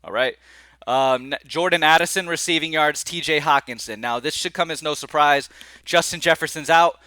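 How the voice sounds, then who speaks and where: A man's voice: on the high side, normal speed, bright, forceful tone, no room sound. A man hosting a sports betting picks channel, talking casually and rambling with lots of fillers. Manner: laid-back, chatty, rambling with fillers and y'all. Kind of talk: casual vlog-style talk to camera.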